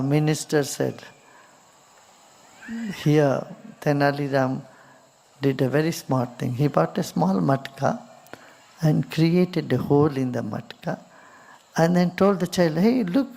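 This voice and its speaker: A man with an Indian accent, a spiritual teacher giving a slow, soft-spoken talk with stories, sometimes dropping to near-whispers. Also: a little high, gravelly.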